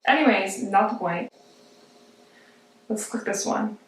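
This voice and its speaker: A woman's voice: medium pitch, expressive, takes it slowly. A young woman in her twenties, chatting casually and self-deprecatingly through a commentary vlog, with lots of "like" and frequent giggles. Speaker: video essayist. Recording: echoey room.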